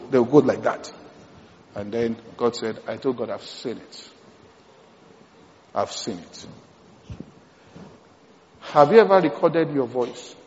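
A man preaching a sermon, emphatic, repeating key phrases and swinging between loud and hushed delivery. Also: medium pitch, a little hiss or hum. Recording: dull sound in a long-reverb hall.

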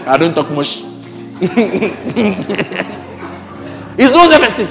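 High-voiced guy preaching, really lively, big echoey hall with soft music behind. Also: very slow, gravelly, pauses often, a faint crowd. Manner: animated preaching, rising to shouts. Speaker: pastor. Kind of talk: sermon.

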